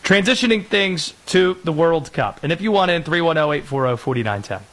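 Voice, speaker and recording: Male sports radio host, high voice, very lively delivery. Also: a little fast. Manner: lively, animated, jokey, breaks into put-on voices.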